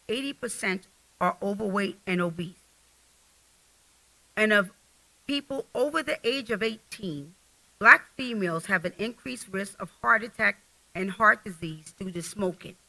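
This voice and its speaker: A middle-aged woman speaking to a conference crowd about health, direct and homespun. Her voice is very bright and forceful, with a tense edge. She sits in a plain middle register. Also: medium pitch, moderate pace, creaky, poor audio. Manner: folksy and direct, speaks straight to the audience. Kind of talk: casual conference health talk.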